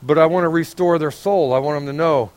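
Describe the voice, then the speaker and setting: A man's voice: a little high, fairly quick, darkish tone, no room sound. A middle-aged man preaching a sermon, fervent and folksy, pleading with his listeners. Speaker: pastor.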